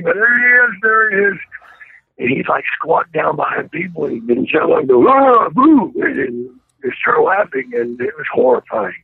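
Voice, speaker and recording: A gravelly, husky older man is heard over a tinny phone line, spinning rambling anecdotes. His pitch swings widely as he acts out the voices in his stories, and the sound is dry and close. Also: no echo. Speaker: guest, former pro wrestler. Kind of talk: casual storytelling by phone.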